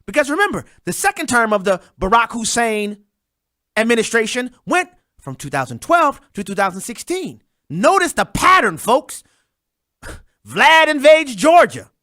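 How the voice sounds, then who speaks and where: Commentary host, sarcastic and mocking, very lively pitch, bright cutting tone, dry close sound. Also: measured pace, no echo. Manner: sarcastic, mocking, talks straight to listeners. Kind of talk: animated political commentary monologue.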